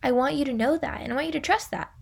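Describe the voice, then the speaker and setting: A young adult woman hosting a faith and business podcast, chatty and animated, acting out quotes as she tells stories. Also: high voice, racing, vocal fry. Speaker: podcast host.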